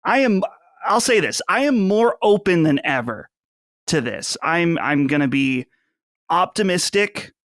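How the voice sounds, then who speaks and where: Measured, higher-voiced man on a podcast. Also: big pitch swings, a bit bright, dry recording, clean studio sound. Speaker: podcast co-host. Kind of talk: casual chat.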